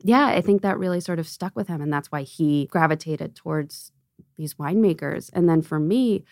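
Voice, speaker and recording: A woman guest on a podcast, chatting casually and telling animated stories, acting out quotes with laughs. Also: deep voice, moderate pace, gravelly, dry recording, studio quality. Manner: animated storyteller, acts out quotes, laughs often. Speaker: restaurant owner and wine buyer guest.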